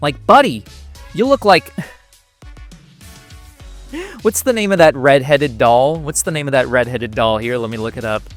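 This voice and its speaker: A man's voice: mid-range voice, expressive, a little slow, long pauses, faint music behind. A man giving a profane, mocking reaction commentary, laughing between insults. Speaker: commentary youtuber.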